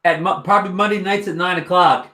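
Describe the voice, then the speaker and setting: A man co-hosting a live drone chat stream, talking in halting bursts with many fillers. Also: high voice, fairly even intonation, pushed and bright. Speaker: co-host.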